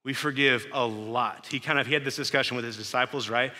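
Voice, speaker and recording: A man's voice: mid-range voice, fairly even intonation, a little fast, sharp tone. Young male preacher in an echoey hall. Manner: conversational, emphatic, rhetorical questions. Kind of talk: sermon. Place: church sanctuary.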